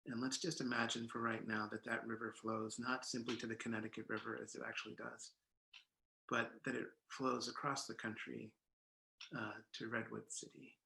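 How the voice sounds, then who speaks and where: A male minister opening a sermon with guided imagery, speaking in an unhurried way with frequent "uh" and "um" fillers. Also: mid-range voice, level tone, creaky, pushed and bright, reverberant, low-quality recording.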